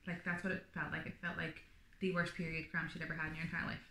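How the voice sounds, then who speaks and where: A woman's voice: low-pitched, little pitch movement, fast talker, roomy sound, background noise. A woman vlogger telling her birth story in a chatty, rambling way, full of fillers. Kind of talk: casual birth story vlog.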